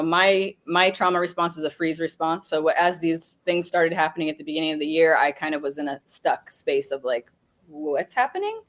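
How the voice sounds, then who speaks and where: A woman hosts a webinar on a video call. She talks conversationally and reads out viewer comments. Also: deep voice. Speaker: webinar host. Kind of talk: casual webinar talk.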